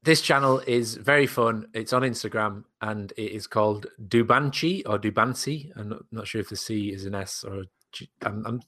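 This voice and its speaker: A man's voice: lowish voice, normal speed, hardly any pauses, a bit bright. A man co-hosting a casual podcast chat, enthusiastic and swearing freely. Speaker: podcast co-host.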